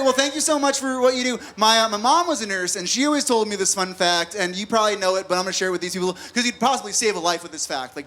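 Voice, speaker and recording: A man's voice: high voice, fairly bright tone, a little hiss or hum. A young adult man from the United States doing a conversational stand-up comedy set at a live venue, laughing at his own jokes.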